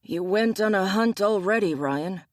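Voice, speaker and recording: A man's voice: high voice, measured pace, no room sound. An audiobook narrator voicing a wry, teasing male bear-shifter hunter with a dry, needling manner, in a dry recording. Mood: insistent.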